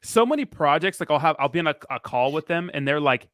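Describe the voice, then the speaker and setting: A man's voice: a little high, lively intonation, fast talker, hardly any pauses, fairly bright tone, no room sound. A man in casual podcast chat, brash and emphatic, swearing freely.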